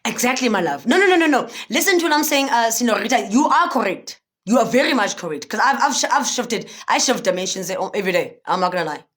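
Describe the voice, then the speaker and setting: A young woman giving a spiritual motivational livestream talk, preachy and animated, often asking viewers if they understand. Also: on the high side, fast talker, few pauses. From South Africa.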